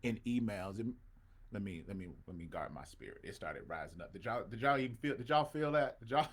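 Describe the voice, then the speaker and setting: On his livestream, a pastor hosting an online show talks casually with his congregation, naming viewers and swelling as preachers do. His voice is medium-pitched, at a moderate pace.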